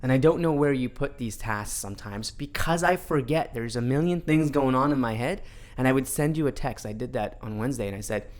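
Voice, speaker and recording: A man hosting a workplace podcast in a loose, rambling way, ready to make fun of himself. His voice sits at an ordinary middle pitch and he sounds easygoing. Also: fairly quick. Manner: relaxed, rambling, self-deprecating. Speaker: podcast host, company boss. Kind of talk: casual podcast conversation.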